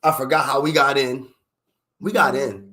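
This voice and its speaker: A man's voice: mid-range voice, steady tone, moderate pace, bright, forceful tone. A man casually telling a personal story in loose, profane street slang, full of fillers.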